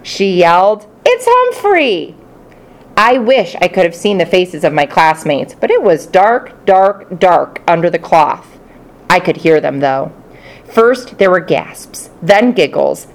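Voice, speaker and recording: A woman narrating a children's storybook in the first person, expressive and playful. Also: on the low side, measured pace. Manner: expressive, playful character voices. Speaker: audiobook narrator.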